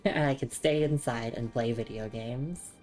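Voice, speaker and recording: A woman's voice: a bass voice, unhurried, a little mellow, faint music behind. A young Australian woman with an Australian accent, chatting casually while streaming a game, often stammering and repeating words. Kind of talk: casual live game commentary.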